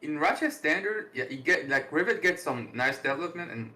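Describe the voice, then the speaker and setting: Male podcast guest, groggy and blunt, bright tense tone, casual gaming chat. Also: a little high, lively intonation, a little fast. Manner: blunt, opinionated. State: groggy, just woke up.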